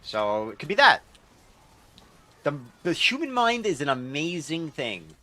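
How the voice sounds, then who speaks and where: A man's voice: on the high side, huge pitch swings, measured pace, pushed and bright. A man streaming a game, chatting casually with viewers in a rambling, loose way and reading chat aloud.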